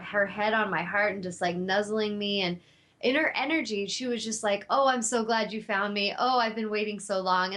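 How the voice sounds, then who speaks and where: A woman's voice: mid-range voice, fairly bright tone. Host, woman: heartfelt spiritual storyteller, mid-range voice, loose and rambling. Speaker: talk show host. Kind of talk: personal storytelling monologue.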